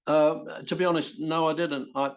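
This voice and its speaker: An older English actor telling stories in an interview, animated and full of restarts. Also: male voice, a little high, normal speed. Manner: animated storytelling with many restarts. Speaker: actor guest. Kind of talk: anecdotal interview.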